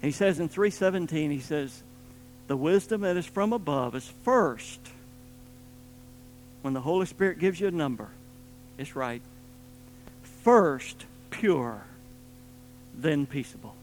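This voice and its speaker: Man, preacher, high-pitched voice, emphatic sermon delivery, faint guitar behind. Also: expressive, measured pace, pauses often, rough recording. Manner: emphatic, swings between loud emphasis and quiet low asides.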